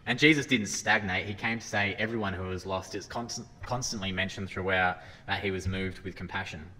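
A man's voice: low-pitched, fairly quick, sharp tone, a little hiss or hum. A man giving an earnest sermon talk as a lay preacher, reading scripture and often restarting his phrases. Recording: hall reverb, faint ambience.

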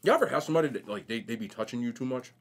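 A young man vlogging casually while eating, telling stories in a slangy, animated way. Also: medium pitch, racing. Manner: animated, slangy storytelling, says bro a lot. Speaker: mukbang vlogger.

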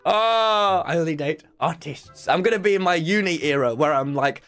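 A man, casually chatting with viewers on a live stream from his office, animated and swearing as he tells stories. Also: a little high, normal speed, faint music behind. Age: late teens. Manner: animated, swearing, lively storytelling.

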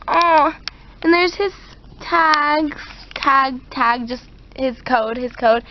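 A high-voiced teenage girl unboxing on camera, gushing and squealing with excitement. The recording is a bit muffled, as if made at home, and a faint hiss sits under her voice. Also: slow pace. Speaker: vlogger. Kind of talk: unboxing vlog. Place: outdoors at home, later indoors.

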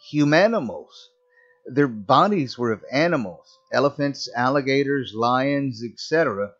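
A man's voice: medium pitch, highs cut off. A man reading a first-person horror story in a tense, dramatic way.

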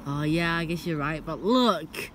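A male channel host in playful, excitable vlog banter. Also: on the high side, a little slow, slight background noise.

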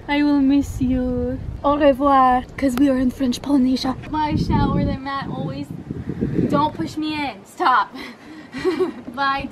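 A woman's voice: high-pitched, very noisy. A young woman vlogging on her travels, chatty and playful, often laughing. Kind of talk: casual travel vlog.

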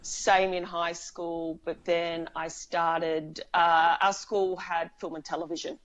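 A woman with a slightly low voice chats as a guest in an interview. She talks at length, with many restarts and easy laughter. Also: level tone, slow, highs cut off. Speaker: film writer and director, guest. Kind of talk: casual interview chat.

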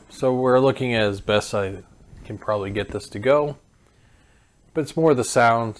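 A man hosting a casual product demo, thinking aloud in an easygoing way as he clicks through a robot's settings. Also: mid-range voice. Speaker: host demonstrating a home robot.

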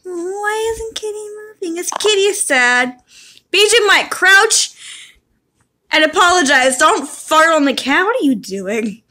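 A woman gaming YouTuber narrates her play casually, giggling, collapsing into helpless laughter, and chatting to the characters and her cat. Her very high voice swings widely in pitch, moves slowly, and has a sharp tone.

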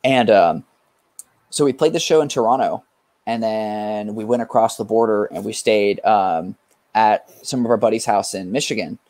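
A man's voice: fairly low pitch, moderate pace, darkish tone, no room sound. A young man from California, a guest musician, telling a rambling story in a casual chat with fillers and swearing.

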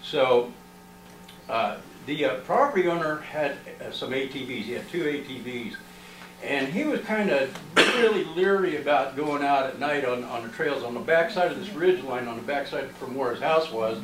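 A man's voice: mid-range voice, normal speed. Man recounting events to a crowd, filler-heavy storytelling, miked from a distance in an echoey room. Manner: rambling, with frequent "uh" and "you know" fillers. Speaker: researcher presenting findings. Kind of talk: storytelling talk to an audience. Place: library meeting room. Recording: roomy, distant, with faint noise.

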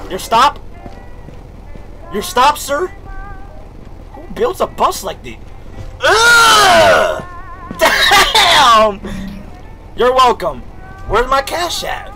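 A young man streaming a game, talking loudly and excitedly in jokey slang, swearing often and reacting out loud. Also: high-pitched. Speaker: gaming streamer. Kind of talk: live gameplay commentary.

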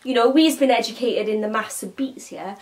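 High-voiced slangy woman. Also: brisk, darkish tone. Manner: slangy, rambling, ends lines with 'mate' and 'yeah?'. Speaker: vlogger playing a comic persona. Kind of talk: comic character monologue.

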